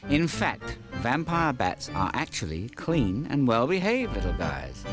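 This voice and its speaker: Guy narrating a kids nature show, slow and bouncy, cracking jokes, music and crickets behind. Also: mid-range voice, huge pitch swings. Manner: jokey, wisecracking asides. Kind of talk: playful scripted documentary narration for kids.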